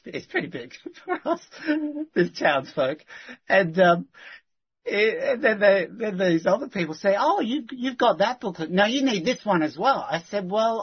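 Rambling, animated man telling a story. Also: mid-range voice, husky, highs cut off. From Australia. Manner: rambling, animated retelling with many restarts. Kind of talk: casual storytelling to viewers.

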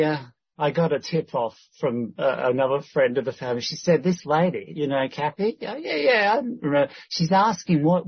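A man gives a rambling, casual update and keeps restarting his sentences. His voice is husky and the recording is dry. The sound is dull and lo-fi. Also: on the high side, no room sound. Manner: rambling, with many restarts and quoted dialogue. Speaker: church member giving a prayer update.

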